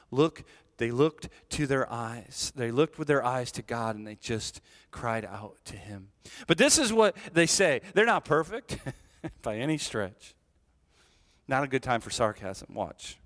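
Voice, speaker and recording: A middle-aged man preaching a sermon, swinging between hushed whispers and loud, high exclamations, with many repeats and restarts. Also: sing-song, measured pace. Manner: repeats and restarts words often. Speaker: pastor.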